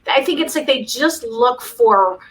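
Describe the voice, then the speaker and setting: A woman co-hosting a podcast in casual chat, animated and opinionated, teasing her co-host. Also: a little high, unhurried, rough recording.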